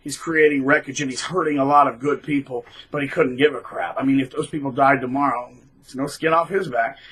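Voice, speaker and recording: A man talking casually to camera in a rambling, animated way, with frequent restarts. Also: medium pitch, slightly rough, poor audio. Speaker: middle school teacher, vlogger.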